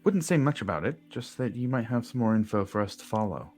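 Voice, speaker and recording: A man's voice: lowish voice, very animated, fast, darkish tone, faint music behind. A man narrating a tabletop game as the game master, in a laid-back way with fillers.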